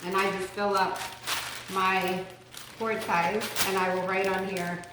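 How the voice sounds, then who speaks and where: A woman's voice: mid-range voice, flat delivery, unhurried. A woman hosting a casual home cooking video, chatty and enthusiastic, walking through a recipe in her kitchen. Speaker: cooking channel host. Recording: very echoey kitchen with faint noise.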